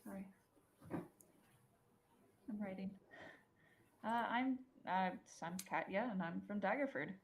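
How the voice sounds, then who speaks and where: A woman playing a tabletop game, animated and a little hesitant. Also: medium pitch, takes it slowly, pauses often. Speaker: player.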